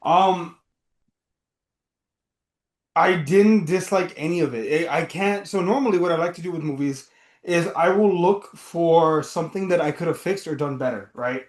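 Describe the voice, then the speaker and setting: A man's voice: on the high side, moderate pace, echoey room. A man co-hosting a movie review podcast, talking in a loose, rambling, profane way. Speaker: podcast co-host. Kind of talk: casual movie review chat.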